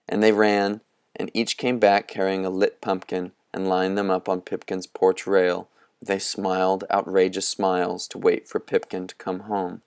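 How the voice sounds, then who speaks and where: A man reading a novel aloud as a narrator, in slow, measured storytelling. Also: sits low, completely flat delivery, a little mellow, clean tone, no room sound, clean studio sound. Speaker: audiobook reader. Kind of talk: scripted narration.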